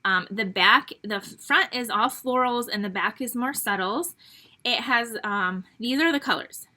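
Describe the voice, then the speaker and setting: A woman's voice: fairly high pitch, a little slow, pushed and bright. A middle-aged woman hosting an online card-making class, chatty and rambling with frequent ums. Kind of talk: casual crafting tutorial.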